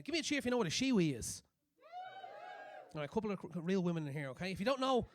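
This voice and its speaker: A young man doing a crude, animated stand-up comedy set on a club stage, acting out scenes as he goes. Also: sits high.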